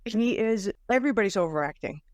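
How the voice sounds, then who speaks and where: A woman's voice: mid-range voice, lively intonation, fast, a little mellow, no room sound. Rambling woman podcast host. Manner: rambling, with fillers and restarts. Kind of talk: casual book club chat.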